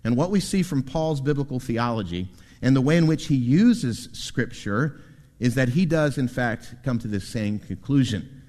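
A man preaching a sermon as pastor, with lively delivery and quick asides to the congregation. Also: medium pitch. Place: church sanctuary. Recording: long reverb in a church hall.

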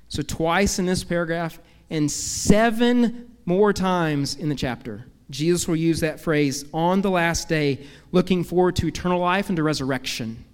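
A man's voice: high voice, long reverb tail. A man preaching an earnest, emphatic sermon as pastor, asking rhetorical questions. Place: church sanctuary.

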